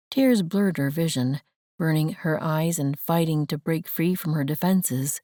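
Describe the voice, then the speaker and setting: A woman narrates an audiobook in a gentle, measured way, her voice on the lower side. She reads unhurried, close to the mic, in a dry booth with no echo. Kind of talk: scripted narration.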